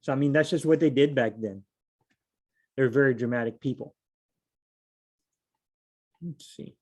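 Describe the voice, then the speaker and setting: A man talks his way through a Bible passage in a relaxed, conversational tone. His voice is mellow and dark. He reads a verse aloud, then unpacks it with asides and playful quotes. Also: mid-range voice, measured pace. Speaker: Bible study teacher. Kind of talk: casual Bible study talk.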